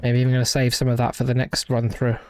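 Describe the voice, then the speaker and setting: A man's voice: mid-range voice, monotone, quick pace, a little mellow, clear, resonant tone. A young man with a light Midlands accent, rambling casually as a streamer commenting on a game, full of restarts. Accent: light Midlands English. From English Midlands. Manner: rambling, hesitant, many restarts. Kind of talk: casual let's-play commentary.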